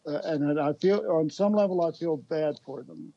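A man in a casual political chat, earnest and reflective, with a halting way of talking. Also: a little high, vocal fry, warm tone, highs cut off.

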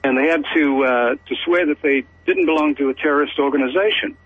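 An Australian man phones in to a radio show, speaking in halting fits with many fillers. His voice is somewhat husky. The audio is dull and lo-fi, like a broadcast. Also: on the high side, fairly even intonation, no room sound. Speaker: caller.

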